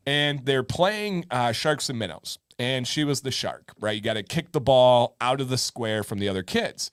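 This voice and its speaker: A man co-hosting a live show in casual chat, a lively storyteller who acts out other people's voices. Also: medium pitch, moderate pace, clean tone, dry recording, clean studio sound. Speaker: co-host of a live advice show.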